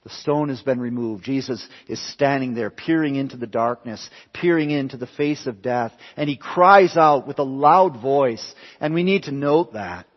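A man preaching a sermon in a dramatic way, dropping to hushed tones and then building to loud, emphatic peaks. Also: mid-range voice, normal speed, few pauses. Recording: long hall reverb, dull lo-fi sound.

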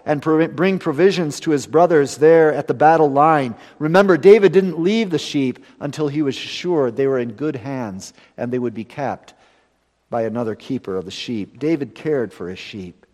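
A man preaching a sermon earnestly, building to emphatic lines and then dropping to a hushed close. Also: a little high, normal speed, long reverb tail.

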